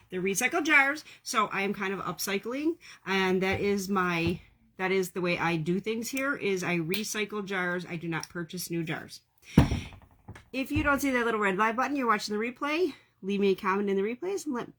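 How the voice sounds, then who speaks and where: A woman's voice: medium pitch, a bit bright, slight background noise. A woman, chatting casually with viewers as she hosts a crafting livestream from home, laughing often.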